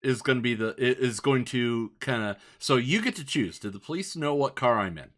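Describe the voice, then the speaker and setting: A man's voice: mid-range voice, expressive, brisk, a bit bright. A man hosting a podcast from his home studio, chatting casually in an upbeat, talkative way and often restarting sentences. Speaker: podcast host. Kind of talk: casual chat.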